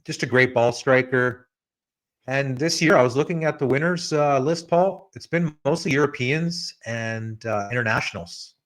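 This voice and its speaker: A man's voice: mid-range voice, normal speed. Easygoing man hosting a podcast. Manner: relaxed and chatty, addresses co-host by name. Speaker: podcast host giving betting picks. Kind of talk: casual podcast chat.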